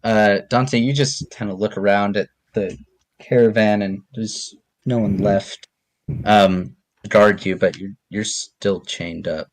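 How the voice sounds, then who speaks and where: A man narrating as game master of a tabletop game, hesitant and filling pauses with ums. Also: fairly low pitch, fairly even intonation.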